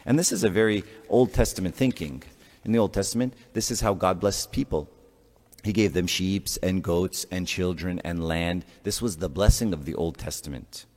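Deep-voiced man preaching in a reverberant church. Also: normal speed, darkish tone. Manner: conversational, rhetorical questions, joking asides. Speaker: priest. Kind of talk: sermon.

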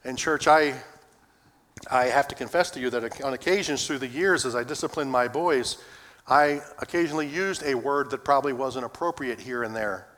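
Bright-voiced pastor in a reverberant church. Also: male voice, medium pitch, moderate pace. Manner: folksy, earnest, addresses congregation. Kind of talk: sermon. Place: church sanctuary.

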